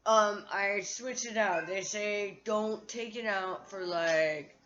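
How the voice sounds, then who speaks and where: A woman's voice: medium pitch, slow pace, a bit bright, lo-fi sound, a little hiss or hum. A woman vlogger talking to her phone in a candid, profane, rambling monologue.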